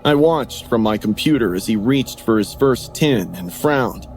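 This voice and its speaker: A man's voice: lowish voice, animated, measured pace. Man narrating a horror story over music. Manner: dramatic, acts out dialogue in raised voices. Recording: music playing under the voice.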